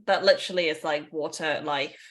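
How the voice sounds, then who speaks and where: Chatty woman podcast co-host, lowish voice. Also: steady tone, brisk. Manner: chatty, explaining with asides and small laughs. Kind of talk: casual conversational podcast.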